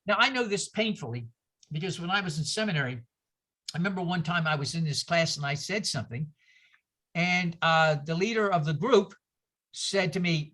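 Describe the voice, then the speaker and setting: Minister guy teaching his church, bright edgy voice, keeps going off on asides and asking the room stuff. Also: normal speed. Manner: animated, jumps in pitch for emphasis, frequent asides and self-interruptions; asks the audience rhetorical questions. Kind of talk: informal teaching talk to a congregation.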